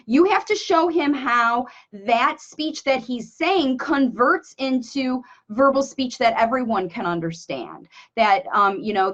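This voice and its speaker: A woman answering parents' questions in a live Q&A, giving direct, emphatic coaching advice. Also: fairly high pitch. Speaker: speech facilitation coach. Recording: dull lo-fi livestream audio.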